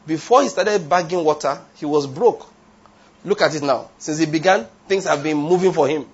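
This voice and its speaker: A man's voice: fairly high pitch, moderate pace, slightly rough. A man preaching a sermon, emphatic, asking the congregation rhetorical questions and drifting into tangents. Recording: dull lo-fi sound.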